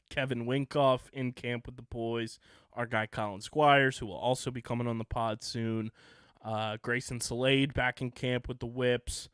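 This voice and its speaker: A man's voice: mid-range voice, steady tone, unhurried, fairly bright tone, smooth, dry recording, studio quality. A young man co-hosting a sports podcast, chatting casually and running through lists of names with lots of fillers. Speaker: podcast co-host.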